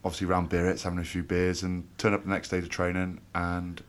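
A man, a former rugby player, co-hosting a podcast in relaxed, joking chat with frequent rhetorical questions. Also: sits low, fast. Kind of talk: casual chat.

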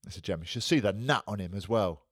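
Brief: low-voiced man, podcast co-host, eager rambling storyteller, dry mic. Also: fast, slightly rough, no room sound. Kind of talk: casual chat.

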